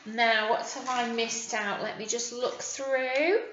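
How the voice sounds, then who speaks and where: An English woman teaching phonics to young children, sounding out words slowly and warmly encouraging them. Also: on the high side, steady tone, roomy sound, dull audio, slight background noise. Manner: slow, sing-song, exaggerated word sounding for small children. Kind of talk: early years phonics lesson.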